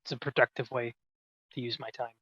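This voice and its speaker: Bright, dry-humored young podcast co-host. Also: male voice, medium pitch, little pitch movement, brisk, husky, dry recording. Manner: dry, offhand jokes and quiet "mm-hmm" agreement. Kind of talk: casual chat. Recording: dry, dull lo-fi podcast mic.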